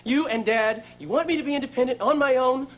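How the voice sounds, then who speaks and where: An actor playing a bitter young adult son who speaks in an accusing tone. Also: male voice, very high voice, fast, highs cut off.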